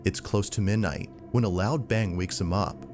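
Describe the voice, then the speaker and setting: A man telling a spooky story in steady, scripted narration. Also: lowish voice, moderate pace. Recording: narration over loud music.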